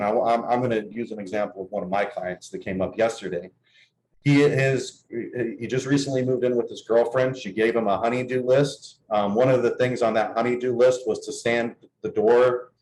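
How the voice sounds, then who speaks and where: A man's voice: mid-range voice, normal speed, a little mellow, slight background noise. Earnest man in an echoey room. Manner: earnest, explanatory storytelling. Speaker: dating coach. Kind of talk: casual conversation.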